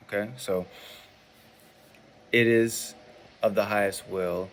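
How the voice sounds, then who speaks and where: Man, very low voice, calm instructional tone, slow and deliberate, repeats phrases, faint background hiss. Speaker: spiritual mentor teaching muscle testing.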